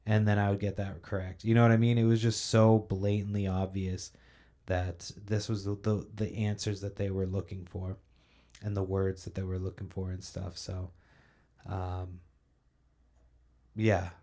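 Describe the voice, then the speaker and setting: Profane, rambling low-voiced man. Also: flat delivery, moderate pace, dark tone. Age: young adult. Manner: profane, ranting, loose storytelling. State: sleepy. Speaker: podcast host. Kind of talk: casual rambling monologue.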